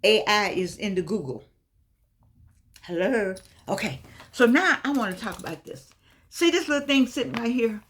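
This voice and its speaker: A woman's voice: medium pitch, expressive, moderate pace, fairly bright tone. An older woman chatting casually to her viewers, emphatic and preachy, repeating herself for effect. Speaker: vlogger.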